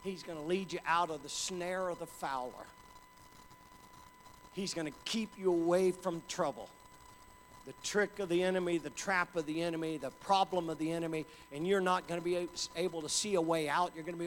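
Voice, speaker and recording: A man preaching a sermon with passion, dropping to a hush and then building up to shouts. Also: a little high, brisk, a little hiss or hum. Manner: impassioned, swings from hushed to shouting. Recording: hall reverb with faint ambience.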